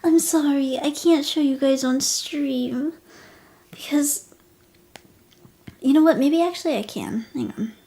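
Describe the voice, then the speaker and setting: A young woman streaming live, chatting casually and gushing, often dropping into soft whispers. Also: high voice, measured pace, pauses often.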